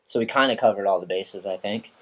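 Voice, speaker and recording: Young male podcast host, casual, swears a lot, lively storyteller. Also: lowish voice, fast talker. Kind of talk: casual chat.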